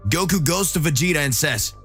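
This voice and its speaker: A man narrates a fan-made story dramatically, his voice gravelly and husky. His pitch sits a bit high and swings widely. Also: lively intonation, brisk, fairly bright tone, soft background music.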